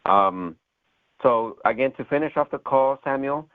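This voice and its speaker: A man's voice: mid-range voice, a little slow. A man hosting a motivational sales call interview, talking in rambling bursts with many fillers and "right?" tags. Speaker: host. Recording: tinny phone line.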